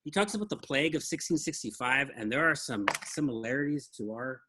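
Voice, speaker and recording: A man hosting a podcast, chatting in a relaxed, thoughtful way about books he shows to a co-host. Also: medium pitch, a little fast, background noise. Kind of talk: casual book chat.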